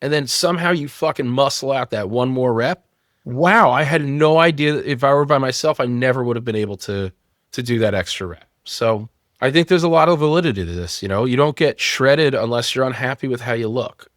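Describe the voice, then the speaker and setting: A man's voice: medium pitch, fairly quick, dry recording, studio quality. Frank, freely swearing man in his thirties. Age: 30s. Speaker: company founder. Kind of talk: candid podcast conversation.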